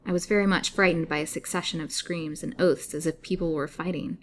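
A young captive woman, bitter and despairing, as a woman reader voices her. Her pleas are earnest. The voice sits low. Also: fairly even intonation, brisk, a little hiss or hum, close to an everyday voice. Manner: bitter, pleading.

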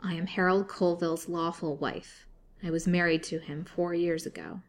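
A woman's voice: steady tone, normal speed, natural voice. Woman voicing a wasted, bitter prisoner woman. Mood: low, bitter. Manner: frenzied wailing, then low and bitter. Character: wasted, chained female prisoner, wild and bitter.

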